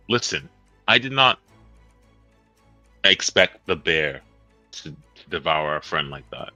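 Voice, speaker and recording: Very deep, bright-voiced laughing man. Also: big pitch swings, takes it slowly, pauses often, no room sound, faint music behind. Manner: laughs a lot, defensive and joking. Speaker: player. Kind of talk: casual table banter.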